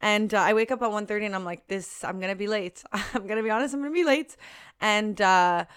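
A woman in her twenties, co-hosting a podcast, tells a story in a lively, casual way. She laughs often and swears freely. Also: medium pitch, fast talker, clean tone, no echo, clean studio sound. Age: 20s. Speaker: podcast co-host. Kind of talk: casual chat.

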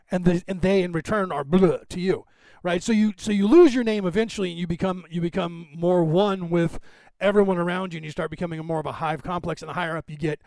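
American guy rambling on his podcast, lots of ums and restarts, kinda high voice, dry sound. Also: darkish tone, no room sound. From United States. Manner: rambling, many fillers and restarts. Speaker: podcast host. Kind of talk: casual commentary.

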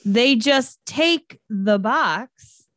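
A woman chatting as a podcast co-host, dropping deadpan-sarcastic remarks about the show. Her voice is fairly high and swings widely in pitch, recorded close and dry. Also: drawn-out words, no echo. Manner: wry, sarcastic asides. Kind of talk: casual chat.

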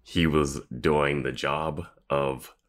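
A man's voice: a bass voice, flat delivery, takes it slowly. A man co-hosting a podcast, chatting casually with dry, wry remarks and easy laughter. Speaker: podcast co-host. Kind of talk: casual recap chat.

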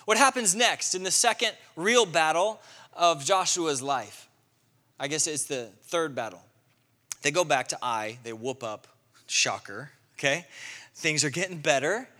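A male pastor preaching a sermon, telling the story with lively acted-out quotes. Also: on the high side, measured pace, long reverb tail. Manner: animated storytelling, acting out quotes.

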